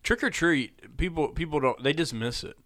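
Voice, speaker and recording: A man's voice: a little high, normal speed, a bit bright. A man in his thirties, a father, joking and teasing in a casual podcast chat.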